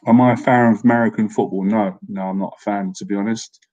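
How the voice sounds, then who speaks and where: A man's voice: lowish voice, fairly even intonation, fast, a little mellow, dull audio. A man in his thirties hosting a casual live stream, chatting loosely with viewers, rambling and often laughing as he answers their questions.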